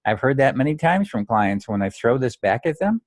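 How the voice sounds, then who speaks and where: A man's voice: mid-range voice, very animated, normal speed, no echo, clean studio sound. A man coaching golfers on their mental game, talking in a blunt, straight-talking way and saying phrases aloud to show the difference. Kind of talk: direct instructional monologue.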